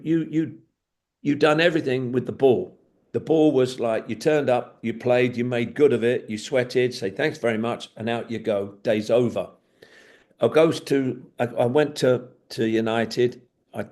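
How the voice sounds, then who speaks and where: A man's voice: medium pitch, a little mellow. An older man, a retired footballer telling rambling stories and acting out the old dialogue. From England. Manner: rambling, acts out quoted dialogue, chuckles. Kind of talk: storytelling anecdotes.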